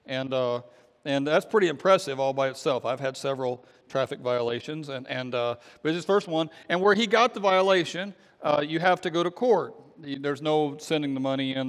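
A man preaching a sermon as pastor, telling a story in a casual, halting way with many fillers and restarts. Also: fairly high pitch, in a large hall. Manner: acts out quoted voices in a story.

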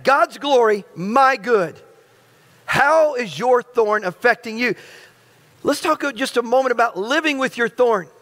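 A pastor delivering a sermon in a high-pitched male voice. He talks straight to the congregation as a stirring preacher. His phrases often double back and start again. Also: fairly bright tone. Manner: stirring preacher who addresses the congregation directly; repeats and restarts phrases.

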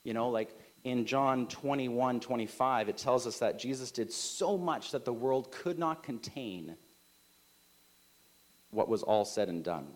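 A man's voice: medium pitch, lively intonation, measured pace. Chatty preacher man. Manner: conversational, many filler likes and rights, rising emphasis. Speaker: pastor. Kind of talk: sermon.

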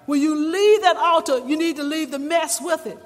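A man preaching a sermon with passion, his voice climbing to shouts at times. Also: extremely high pitch, moderate pace. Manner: impassioned preaching, rising to shouts. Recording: long reverb in a large hall.

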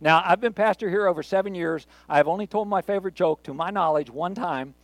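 A man's voice: sits high, a little fast, dry recording. A man pastor preaching a sermon in a joking, self-mocking, conversational way.

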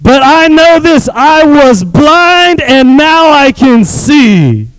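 Man acting as bold healed beggar, high-pitched, emphatic, dry close sound. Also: expressive, a little slow, darkish tone, dry recording, poor audio. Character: healed formerly blind man, insistent, bold.

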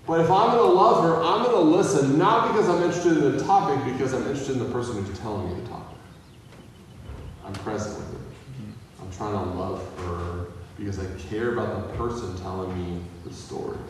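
A man's voice: medium pitch, brisk, slight background noise. A man preaching a sermon as a pastor, talking casually and asking the listeners questions. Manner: conversational, asks the audience questions. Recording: echoey hall from far off.

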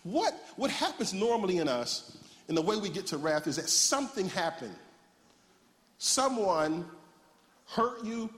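A man preaching, his voice sitting high. He banters playfully with the congregation between points, and his words ring out with a long reverb through a large church hall. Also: big pitch swings, unhurried, pauses often, a bit bright. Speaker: pastor. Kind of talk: sermon.

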